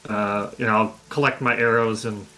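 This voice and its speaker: A man playing a tabletop game who speaks in an easygoing, halting way. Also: on the low side, steady tone, bright, forceful tone, poor audio. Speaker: player. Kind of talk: casual tabletop play.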